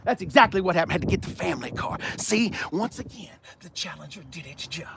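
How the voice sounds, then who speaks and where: A man's voice: very high-pitched, sing-song, fairly quick, creaky, heavy background noise. A middle-aged man joking and teasing as he shows cars around a car lot. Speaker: car dealership vlogger. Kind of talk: casual walkaround chat.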